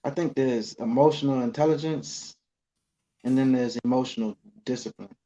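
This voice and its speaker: A man co-hosting a casual talk, calm and reflective with short replies. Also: mid-range voice, normal speed, slight background noise. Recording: dull lo-fi sound.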